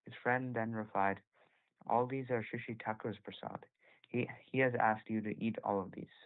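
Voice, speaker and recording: A man with a fairly low voice reads a devotional story aloud to a small group, at a steady pace and stopping now and then to correct a word. The sound is thin and phone-like, as if it comes through a call. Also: moderate pace. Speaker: reader at a group scripture session. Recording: tinny phone-like call audio.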